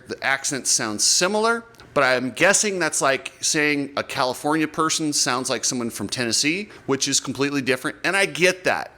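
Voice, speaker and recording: Chatty male vlog host, bright and slightly high voice, animated commentary delivery. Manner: animated, chatty and apologetic, talks up riders. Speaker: host of a motocross coverage channel.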